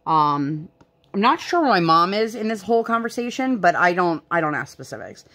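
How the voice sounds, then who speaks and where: A woman's voice: fairly low pitch, sing-song, moderate pace, fairly bright tone. A woman in her thirties chatting casually while she works on a craft, rambling with lots of fillers. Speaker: vlogger.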